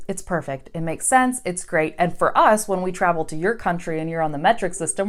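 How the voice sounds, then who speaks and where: An American woman in her thirties, an English teacher giving a casual video lesson to learners, chatty and animated, acting out quoted voices. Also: lowish voice, brisk, hardly any pauses. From United States.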